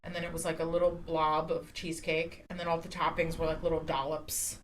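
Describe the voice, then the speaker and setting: A woman's voice: deep voice, a little fast, slight background noise. A woman co-hosting a podcast, telling a rambling travel story in casual chat with lots of "like"s. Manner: rambling animated storytelling, many "like"s. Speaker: podcast co-host.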